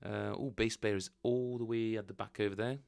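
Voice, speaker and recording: A man's voice: fairly low pitch, fairly even intonation, brisk, vocal fry, noisy background. A man casually chatting with viewers on a live stream, rambling and joking as he reads chat aloud. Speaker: bass player streaming practice.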